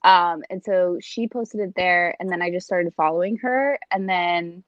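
A woman's voice: fairly low pitch, measured pace, no room sound. A young woman speaking as a guest, chatty and loose, her sentences full of "like" fillers. Her voice comes over a dull lo-fi call line with a dry sound and no room around it. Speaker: guest on a group-coaching podcast. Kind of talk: casual interview chat.

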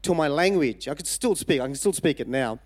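A middle-aged man from Fiji with a slight Australian twang, telling a personal testimony in a sermon, lively and chatty, repeating phrases for emphasis. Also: fairly high pitch, fairly quick. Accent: Fijian Indian with Australian twang. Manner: lively storytelling, frequent "you know" asides, repeats phrases for emphasis. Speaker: preacher.

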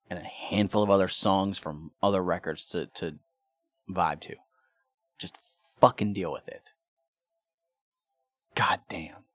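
A deep-voiced man talks through a casual podcast monologue, swearing freely and tripping over restarts as he rants. The sound is dry and close, with no room around it. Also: steady tone, measured pace, pauses often, fairly bright tone, dry recording. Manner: profane and ranting, with stammered restarts. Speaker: podcast host.

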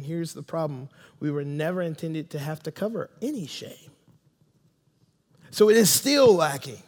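High-voiced preacher in a reverberant hall. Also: male voice, a little mellow. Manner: emphatic preaching with call and response to the congregation. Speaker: pastor. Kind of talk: sermon. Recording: long reverb of a large room.

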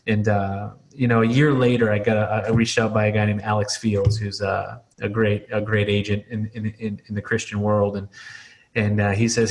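A man's voice: fairly low pitch, level tone, moderate pace. A pastor and author telling candid stories in a podcast interview, acting out quotes and repeating words as he goes. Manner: candid, storytelling with acted quotes and repetitions.

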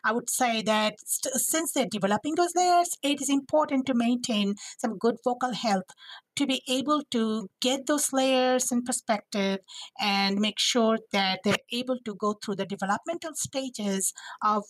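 A woman's voice: a little high, normal speed, no room sound, rough recording. A woman speech-language pathologist explaining vocal health as a podcast guest, with frequent restarts and fillers. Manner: demonstrates voice qualities, laughs often.

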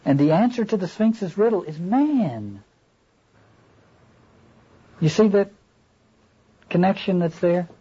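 A man lecturing on a novel in a thoughtful, halting way, often stopping to read passages aloud, on a dull lo-fi recording. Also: high voice, sing-song, dark tone, husky. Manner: thoughtful, halting, rereads quoted lines aloud. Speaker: literature lecturer.

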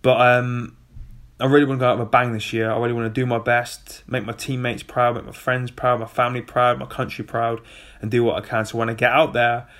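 A man's voice: mid-range voice, flat delivery, fairly quick, fairly bright tone. A man recording a casual video diary alone in a hotel room, talking to his followers in an earnest, upbeat way with frequent ums. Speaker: athlete vlogging to his followers.

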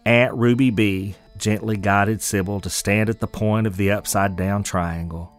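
Low-voiced male storyteller. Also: steady tone, faint music behind. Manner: measured, descriptive storytelling. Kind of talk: scripted narration.

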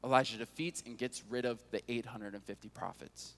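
A man's voice: mid-range voice, steady tone, brisk. A male pastor preaching a sermon, retelling scripture in a casual, conversational way with frequent rhetorical questions. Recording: long hall reverb.

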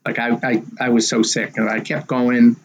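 A man in his sixties, a race director telling his story in an interview in an animated way and acting out the dialogue. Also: mid-range voice, moderate pace, slight background noise, rough recording.

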